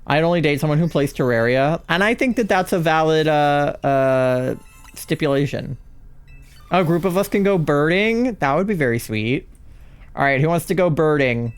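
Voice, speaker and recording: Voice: mid-range voice, expressive, moderate pace, clean tone, faint music behind. A live game streamer chatting casually with viewers while playing, swearing freely and talking straight to chat.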